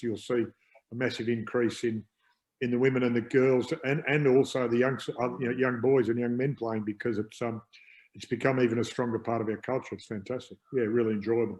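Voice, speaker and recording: Fast-talking Australian man, rambling. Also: medium pitch, a little mellow, rough recording. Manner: rambling, upbeat, many fillers. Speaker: guest, former pro footballer. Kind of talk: casual chat on a video call. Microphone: video call.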